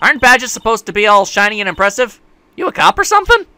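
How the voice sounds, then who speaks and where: Guy putting on a loud southern lady, big drawl, high and bright, scolding. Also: very animated, fast talker, smooth, dry recording, exaggerated voice. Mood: brash. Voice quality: exaggerated twang, scolding. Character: loud brash Southern woman photographer.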